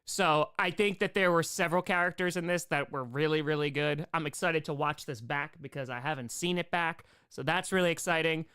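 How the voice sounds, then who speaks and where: A young man hosting a live stream, chatting casually in a rambling, excitable way. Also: fairly high pitch, a little fast, hardly any pauses, clean tone, no echo, studio quality.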